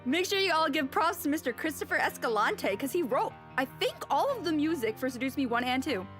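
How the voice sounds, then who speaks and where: A bright, high-pitched young woman chats on a stream, her voice leaping up and down as she giggles. She reads chat aloud into a desk mic. Soft game music plays faintly behind her. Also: sing-song, fairly quick.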